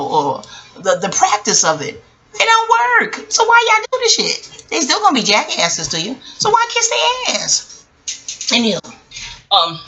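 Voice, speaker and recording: Over a rough recording, a mid-range female voice with a New York accent rambles casually and profanely. She is a book reviewer in her forties, recalling her childhood and discussing a book through animated stories and asides.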